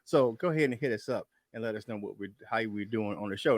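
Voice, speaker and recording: A man hosting a casual sports podcast, loose and excitable, laughing between points. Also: on the low side, quick pace, few pauses, no echo, studio quality. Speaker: podcast host.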